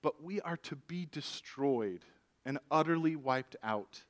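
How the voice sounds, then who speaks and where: A man's voice: a little high, animated, a little slow. A man voicing a young queen pleading earnestly for her life and her people. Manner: impassioned, begging.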